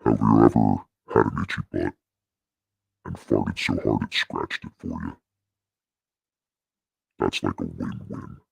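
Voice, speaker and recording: A man voicing a menacing male stalker who whispers into dreams, using a deep pitch-down voice effect and slow, mocking delivery. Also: fairly even intonation, gravelly, breathy edge, exaggerated voice. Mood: teasing.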